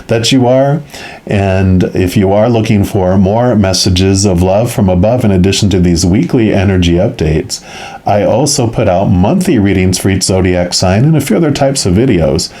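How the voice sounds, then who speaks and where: A man's voice: deep voice, a little mellow. A man giving a tarot reading, telling a story casually and rambling with many fillers. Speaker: tarot reader.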